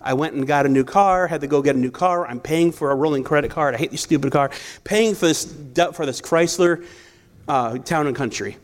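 Preaching in a fairly quick, high-leaning voice, this man tells personal stories in a conversational sermon. He frequently starts sentences over and corrects himself along the way.

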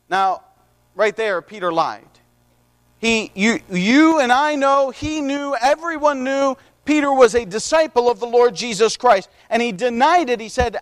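A man preaching a sermon, reading scripture slowly and drawn out, then driving points home with emphatic rises. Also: extremely high pitch, smooth.

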